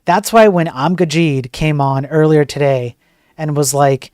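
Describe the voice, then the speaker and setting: A man's voice: fairly high pitch, a little slow, a little mellow, no room sound, studio quality. A man hosting a casual tech news stream, ranting bluntly and joking as he reads the stories. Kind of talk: casual live-stream commentary.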